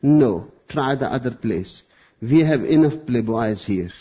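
A booming, gruff male devil picks up the phone in a joke told aloud , with a man putting on the voice. The delivery is slow and husky. The recording sounds dull and lo-fi. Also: lively intonation.

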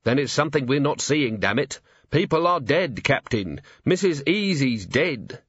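A man's voice: medium pitch, sing-song, unhurried, fairly bright tone, slightly rough, dry recording, dull audio, voice pushed up, exaggerated voice. A man voicing a grim, angry male watch commander in an audiobook, talking in clipped, barely controlled bursts. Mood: frustrated.

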